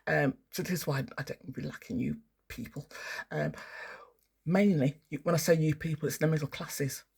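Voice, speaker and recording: A woman's voice: low voice, darkish tone, slightly rough. A woman, ranting and swearing heavily in an angry, rambling monologue outdoors. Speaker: spiritual vlogger.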